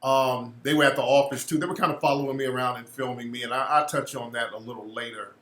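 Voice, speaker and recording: A man, hosting a casual livestream and telling blunt, profane, animated stories. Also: medium pitch, quick pace, reverberant. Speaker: show host.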